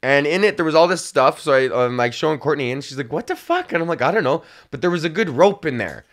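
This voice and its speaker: A man's voice: a little high, expressive, fast. A young man from Canada telling a long comedic story on his podcast. He rambles in a profane, loose way, often breaks into laughter and acts out the people he quotes. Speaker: podcast host. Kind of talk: casual comedic rant.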